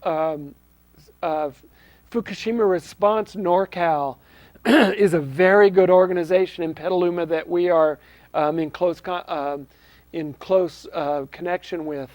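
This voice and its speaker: Seorang pria memandu acara TV komunitas lokal, berbicara santai tanpa naskah, dengan nada sungguh-sungguh dan banyak "um" serta ulangan kata. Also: male voice, sits high, darkish tone, no echo. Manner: earnest, with frequent ums and restarts. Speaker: host of a local access TV show. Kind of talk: casual unscripted talk to camera.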